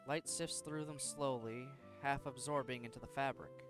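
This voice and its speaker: A man reading a visual novel aloud in first person, slow and introspective, now and then tripping over words. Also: mid-range voice, fairly even intonation, music in the background. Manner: slow, introspective, sometimes tongue-tied.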